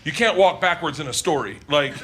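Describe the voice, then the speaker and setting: A man doing stand-up storytelling, loud and excitable, laughing through his story and shouting the punchlines. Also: a little high, fairly quick, slight background noise. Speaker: stand-up comedian. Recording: live stage recording with loud audience laughter. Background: loud crowd laughter.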